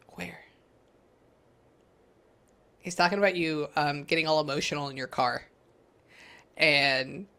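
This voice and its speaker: Lady medium doing a reading, kinda low voice but bright, keeps going hang on, talks it all out. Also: creaky. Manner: chatty, thinks aloud, keeps saying "hang on". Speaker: psychic medium. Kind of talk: live reading session.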